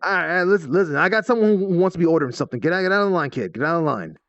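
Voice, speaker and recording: A man doing a gravelly New York food truck vendor in a role-play game, all "listen, kid" and bossy patter. His pitch swings widely as he pushes orders, and the voice sounds slightly dull and dry. The accent is a broad put-on. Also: expressive, very fast, a bit bright, no room sound, faint music behind. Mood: brusque. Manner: brusque, repeats "listen" and "kid".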